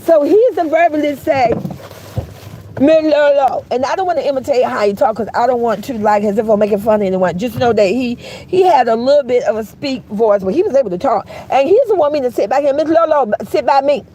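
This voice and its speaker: A woman telling a story in casual, animated vlog style, cursing freely and calling her listeners girl and baby. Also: on the high side, quick pace, few pauses, slight background noise, poor audio.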